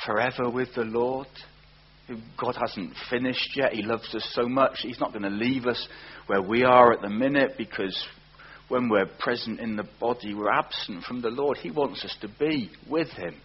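A man preaching a sermon, earnest, often slowing down and repeating words for emphasis. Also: medium pitch, husky. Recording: dull lo-fi recording with faint hum.

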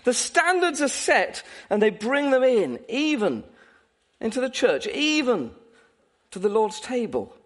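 A male preacher delivering a sermon. His voice sits high and swings widely in pitch. He is animated and playful and laughs often as he speaks. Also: unhurried.

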